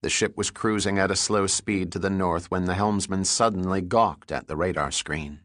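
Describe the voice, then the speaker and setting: A man narrates a thriller audiobook in a steady, even reading voice. His voice is low and the booth is dry and close. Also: moderate pace, hardly any pauses, no room sound. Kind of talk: scripted narration.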